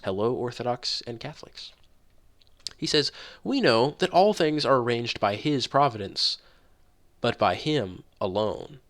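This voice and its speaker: A man reading early writings aloud and commenting on them in an emphatic way, slowing down and pushing hard on key words. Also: mid-range voice, expressive, a bit bright. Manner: emphatic, rising on key words, slows down for stress. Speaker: online religious commentator.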